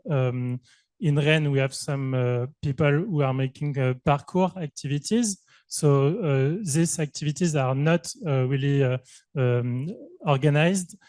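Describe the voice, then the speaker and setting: A man's voice: on the high side, a little mellow, no room sound. A man from Brittany with a French accent, a researcher and youth worker speaking on a panel, hesitant and full of filler sounds. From Brittany, France. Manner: hesitant, many filler sounds, self-conscious. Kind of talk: panel discussion.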